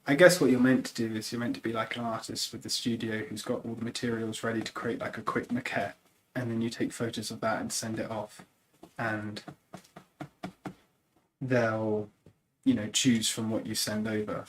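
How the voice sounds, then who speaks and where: A man's voice: lowish voice, normal speed, a little hiss or hum, poor audio. A man, a guest sculptor, chatting casually and telling rambling anecdotes full of "like" and laughs. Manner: rambling, animated, lots of "like" and laughter.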